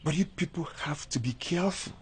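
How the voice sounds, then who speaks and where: An actor playing a measured uncle who speaks firmly of tradition. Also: male voice, fairly high pitch, husky. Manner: measured, soothing, firm. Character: older uncle, calm keeper of tradition. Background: background music.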